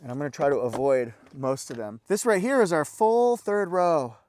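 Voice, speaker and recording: Upbeat high-voiced man reviewing a car. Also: normal speed, darkish tone. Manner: enthusiastic, chatty, exclaims "woo".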